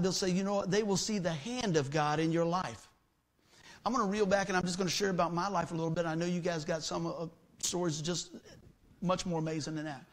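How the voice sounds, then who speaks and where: A middle-aged man preaching a sermon in a church as pastor, telling stories with humor and acting out the voices in them. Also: sits high. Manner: folksy storytelling, acts out quoted voices, jokes with congregation.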